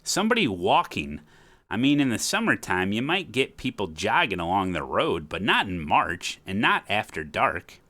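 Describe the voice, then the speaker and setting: A man's voice: fairly low pitch, big pitch swings, moderate pace, pushed and bright, heavily acted. A man voicing a chatty, rambling elderly widowed woman who lives next door, folksy and a bit forgetful. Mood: uncertain.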